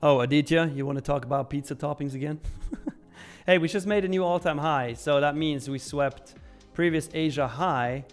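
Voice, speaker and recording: A man's voice: fairly high pitch, moderate pace, faint music behind. A young Swiss man casually hosting a live trading stream, chatting, reading out chat messages and laughing often. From Switzerland.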